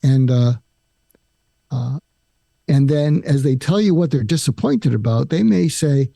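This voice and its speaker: An older man, a psychiatrist guest on a podcast interview, calmly explaining a conversation technique step by step and acting out example lines. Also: mid-range voice, measured pace, gravelly, dry recording, clean studio sound.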